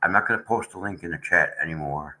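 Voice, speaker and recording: Bright-voiced aggrieved man hosting a stream. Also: low voice, fast talker, rough recording. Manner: aggrieved, rambling, talks to chat viewers. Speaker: channel host. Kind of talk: casual livestream chat.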